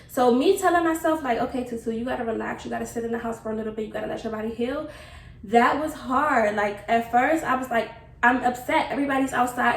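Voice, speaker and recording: A young woman vlogger gives a candid, chatty update, blunt and swearing casually, her voice on the high side. The room is echoey, the mic sits slightly distant, and there's slight background noise.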